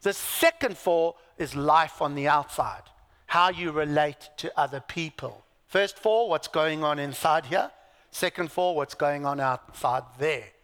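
A man's voice: fairly high pitch, lively intonation, unhurried, fairly bright tone, long reverb tail. A man preaching a sermon, emphatic, asking his listeners rhetorical questions, with dry self-deprecating asides. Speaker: pastor.

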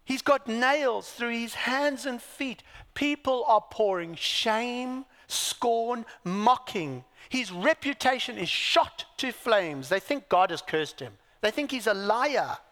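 Dramatic preacher in a big reverberant hall. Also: male voice, very high voice, expressive, slow, hardly any pauses. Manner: dramatic, swinging from loud exclamations to near whispers. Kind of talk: sermon.

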